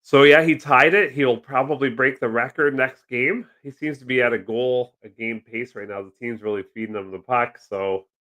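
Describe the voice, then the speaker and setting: A man's voice: medium pitch, fairly even intonation, normal speed, few pauses, a bit bright. A man hosting a casual live stream from his desk at home, rambling and joking as he reads and answers the chat. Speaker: livestream host. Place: home desk with several monitors.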